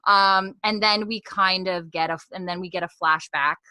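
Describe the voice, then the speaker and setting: A woman's voice: lowish voice, steady tone, moderate pace, sharp tone, no echo. A young woman co-hosting a podcast, recapping a TV episode in a rambling, chatty way with frequent laughs. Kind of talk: casual chat.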